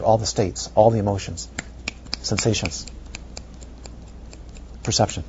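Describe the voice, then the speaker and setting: This dharma talk comes from a male meditation teacher whose voice is on the low side, steady in tone, unhurried, and full of frequent pauses. He repeats phrases and asks playful rhetorical questions, heard through a dull, faintly hissing lo-fi recording.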